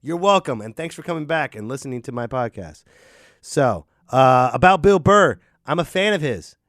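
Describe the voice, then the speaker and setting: A man hosting a solo podcast, ranting in an animated, jokey way. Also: medium pitch, normal speed, dry recording, studio quality. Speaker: podcast host. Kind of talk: casual solo podcast rant.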